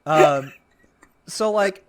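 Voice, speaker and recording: A man's voice: on the high side, very slow, very noisy. A young man co-hosting a podcast, telling a story in casual chat, rambling with lots of fillers and acting out what people said. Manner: animated, rambling, many "like" fillers, acts out quotes. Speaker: podcast co-host.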